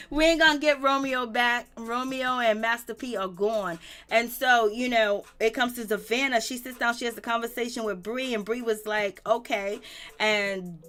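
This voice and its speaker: A woman with a slightly high voice gives a casual, gossipy recap of a reality show. She talks in loose slang, exclaims often, and laughs her way through the story. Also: fairly even intonation, normal speed, a bit bright. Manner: chatty, slangy, laughs often, exclaims "Lord have mercy". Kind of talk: casual live commentary.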